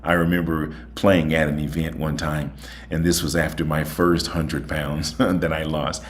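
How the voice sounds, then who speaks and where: Male host, very low voice, folksy and chatty, a bit tired. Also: level tone, unhurried. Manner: chatty, folksy, repeats "okay?". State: voice a little tired. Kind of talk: casual monologue and phone chat.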